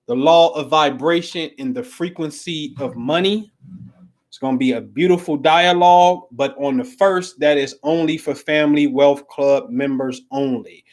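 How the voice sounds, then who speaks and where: A man's voice: on the high side, measured pace, a little mellow. A middle-aged man hosting a livestream as an astrology coach, talking in a slangy, emphatic way and repeating himself for stress. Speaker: astrology coach and show host. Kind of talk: casual livestream talk.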